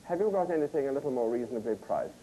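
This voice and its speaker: Male host voicing a genteel, hesitant antique-shop customer for a joke; lively pitch. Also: rapid-fire, slight background noise, lightly acted, rough recording. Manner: genteel, hesitant about price.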